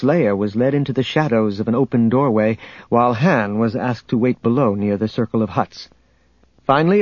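A man narrating an adventure audiobook in a steady, measured storytelling manner, on a dull lo-fi recording. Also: medium pitch, no room sound. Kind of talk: scripted narration.

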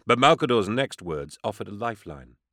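A man reading scripted narration in a steady, measured storytelling manner. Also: on the low side, no room sound, clean studio sound. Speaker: audiobook narrator.

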